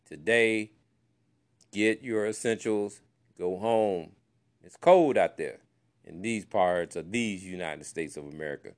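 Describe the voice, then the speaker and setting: A man with a very low, deep voice hosts a casual solo podcast. He talks loosely and chats with the listener, dropping "man" and fillers into nearly every sentence. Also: slow. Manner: loose and chatty, says "man" constantly, many fillers. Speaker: podcast host.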